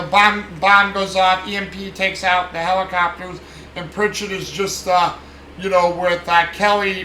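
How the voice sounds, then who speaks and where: A man's voice: sits high, pushed and bright, echoey room, slight background noise, poor audio. A man recapping a film casually at home, rambling with lots of fillers and restarts. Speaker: podcast host reviewing a film.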